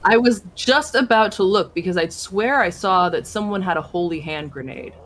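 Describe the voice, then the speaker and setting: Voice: medium pitch, normal speed, a bit bright. A podcast co-host chatting casually while gaming, rambling through explanations with many fillers. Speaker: podcast co-host playing a game. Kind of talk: casual gameplay chat.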